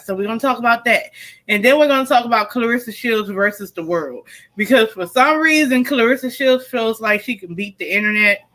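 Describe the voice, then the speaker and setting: A woman with a mid-range voice, pushed and bright, hosts a casual live stream as a tarot reader. She talks straight to her viewers and to her pet through a computer or phone mic, and the audio is poor.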